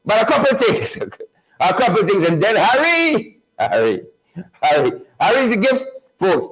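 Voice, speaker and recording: A man's voice: high-pitched, big pitch swings, normal speed, fairly bright tone, low-quality recording. A man hosting a live online show, repeating phrases and hyping up viewers he greets by name. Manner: repetitive, hype-building, calls out viewers by name. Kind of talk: energetic live-stream chat, greeting viewers.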